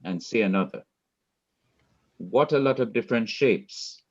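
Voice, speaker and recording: Slow, deliberate Jamaican male teacher. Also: on the low side, breathy edge. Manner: slow, deliberate, repeats key words and quizzes students. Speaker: Hebrew teacher. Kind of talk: online Bible language lesson. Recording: dull lo-fi sound.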